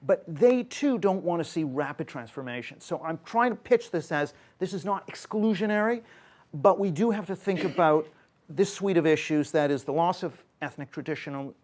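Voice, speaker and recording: A man's voice: on the high side, animated, moderate pace, darkish tone. A man giving a public talk as a panel speaker, explaining earnestly and often correcting himself mid-sentence. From Canada. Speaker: panel speaker, social scientist. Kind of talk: public talk at a debate event.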